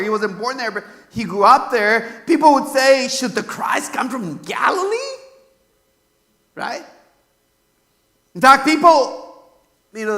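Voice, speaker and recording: A man from California preaches in an unusually high voice with a bright, forceful edge. He talks conversationally, with lots of fillers and rhetorical questions aimed at the congregation. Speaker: pastor. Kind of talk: sermon.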